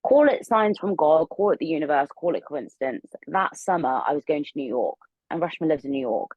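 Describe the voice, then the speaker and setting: A young woman telling a long story as a podcast guest, rambling and animated with plenty of fillers. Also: sits low, a little fast, slightly rough, no echo, highs cut off. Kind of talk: casual storytelling interview.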